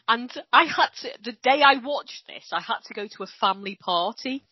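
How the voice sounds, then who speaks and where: A woman's voice: on the high side, expressive, normal speed, husky, dry recording. A woman chatting casually on a video call podcast, telling stories expressively with giggles and casual swearing. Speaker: podcast co-host. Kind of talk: casual chat. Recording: dull lo-fi dry sound.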